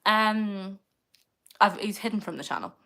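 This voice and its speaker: A young woman talks casually on her livestream at a middling pitch. She rambles from one thought to the next, reads viewer comments aloud and laughs readily along the way. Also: vocal fry, bright, forceful tone. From United Kingdom. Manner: chatty and rambling, quick to laugh. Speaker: livestream host.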